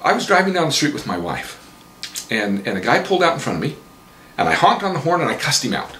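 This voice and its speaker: A man's voice: on the high side, very animated, fast, bright, forceful tone, a little hiss or hum, voice pushed up. A man in his forties voicing a frustrated husband who vents emphatically, in a roomy-sounding recording. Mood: aggrieved. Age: 40s. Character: frustrated middle-aged husband.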